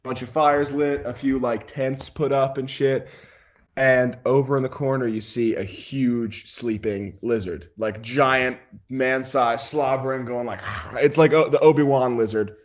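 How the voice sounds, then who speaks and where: A man's voice: medium pitch, fairly even intonation, a little slow. A man narrating as game master, rambling with many fillers and laughs. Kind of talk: improvised tabletop game narration.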